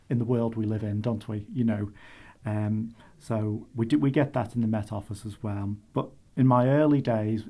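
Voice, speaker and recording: A man's voice: fairly low pitch, warm tone. A man in his sixties with a Manx accent, a retiring meteorologist telling humorous stories in a chatty radio interview. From Isle of Man.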